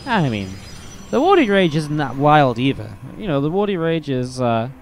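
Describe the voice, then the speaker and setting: Casual English esports caster. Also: male voice, fairly high pitch, big pitch swings, normal speed, a little hiss or hum. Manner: chatty, casual asides between play calls. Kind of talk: live play-by-play game commentary.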